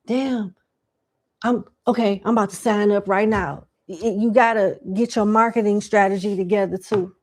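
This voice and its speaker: A woman's voice: mid-range voice, fairly even intonation, normal speed. A woman giving live tarot question readings in a casual, slangy, chatty way. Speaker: tarot reader.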